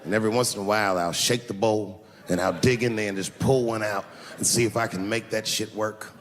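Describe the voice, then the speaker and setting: A male stand-up comedian telling stories on stage in an animated, profane way. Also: fairly low pitch, fairly quick. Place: live comedy venue. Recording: reverberant hall with noisy ambience.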